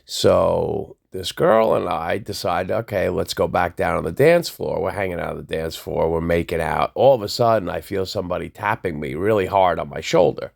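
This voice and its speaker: A man tells his story in a low, gravelly voice. He talks casually and acts out the people he quotes. The pitch sits deep throughout. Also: normal speed, hardly any pauses. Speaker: DJ telling a personal story.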